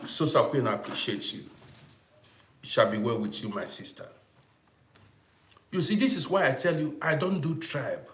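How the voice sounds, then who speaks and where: A young man talking forcefully to viewers in a casual livestream and thanking them for gifts. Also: on the high side, very animated, normal speed, pauses often, reverberant, slight background noise. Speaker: live stream host.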